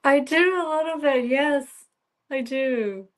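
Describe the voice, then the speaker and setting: A woman joins a casual livestream as a guest, speaking slowly and gently with frequent pauses. Her voice sits a little high, and she laughs easily between phrases. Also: a little hiss or hum, rough recording.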